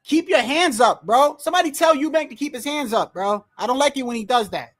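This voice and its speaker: Excitable high-pitched fight streamer. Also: a little fast. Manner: excitable, loud outbursts, frequent slang and cursing; rambling restarts and repeated words. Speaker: livestream host. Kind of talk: casual fight watch-along commentary. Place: indoors at home, wind and street heard outside.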